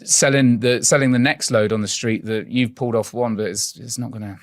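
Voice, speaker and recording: Earnest male guest, mid-pitched, probing, plain conversation. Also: fairly even intonation, a little fast, no room sound, studio quality. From England. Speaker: guest investigator. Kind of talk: conversational interview.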